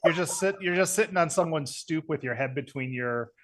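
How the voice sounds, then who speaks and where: A man co-hosting a comedy show who makes dry, deadpan jokes. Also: fairly high pitch, a little fast. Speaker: co-host. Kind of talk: comedic banter.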